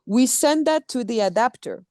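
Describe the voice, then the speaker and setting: Woman, expressive storyteller, conversational interview, dry sound. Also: fairly high pitch, moderate pace, dry recording. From France. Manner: animated storyteller acting out quotes, restarts often. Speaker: actor and dub producer. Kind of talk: casual interview chat.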